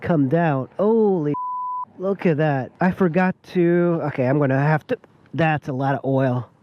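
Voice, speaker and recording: A man's voice: a little high, a little slow, lo-fi sound, background noise. A man riding a motorcycle, talking to himself in surprise as he checks his bike. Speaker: motorcyclist in a clip.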